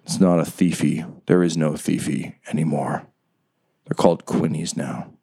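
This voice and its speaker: A man voicing a remorseful older thief-mentor who speaks quietly and heavily, full of regret. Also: extremely low pitch, steady tone, moderate pace, vocal fry, husky, pitched below the performer's own voice, heavily acted. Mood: bitter.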